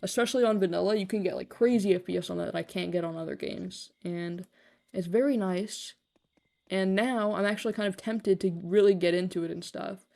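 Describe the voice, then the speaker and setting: A woman's voice: mid-range voice, a little fast, creaky, warm tone. A young woman live-streaming a game, chatting casually in a rambling way, full of fillers, freely swearing and poking fun at herself. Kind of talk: casual live-stream chat while gaming.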